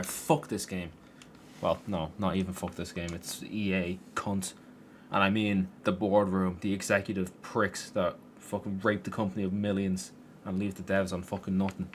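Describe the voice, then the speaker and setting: A man's voice: sits low, flat delivery, moderate pace, slight background noise. A young man commentating his football game from his room, swearing and venting frustration at the players and the game. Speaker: gaming YouTuber. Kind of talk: gameplay commentary.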